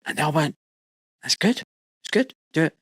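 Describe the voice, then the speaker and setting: A man's voice: fairly high pitch, animated, normal speed, a bit bright, husky, dry recording. Forties male host, heartfelt storyteller who voices his own lines, dry booth sound. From United Kingdom. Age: 40s. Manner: emotional storytelling, acts out his own quotes. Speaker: podcast host. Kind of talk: casual chat.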